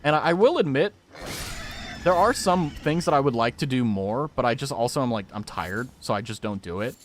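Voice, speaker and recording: A man's voice: mid-range voice, expressive, brisk, a little hiss or hum. A young man streaming a game, chatting casually with viewers in a jokey, rambling way and reacting aloud to what happens on screen. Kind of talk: casual gaming stream chat.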